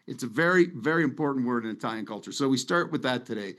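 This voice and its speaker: A man's voice: medium pitch, animated, quick pace, a bit bright. Middle-aged male webinar host, casual and sentimental, on a video call from a home office. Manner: conversational, rambling, sentimental. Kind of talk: casual presentation over slides.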